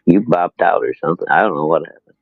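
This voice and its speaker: A man's voice: sits low, quick pace, creaky. A man co-hosting a casual livestream chat over a remote call, talking in a laid-back, hesitant way. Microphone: remote call audio. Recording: dull lo-fi remote call audio.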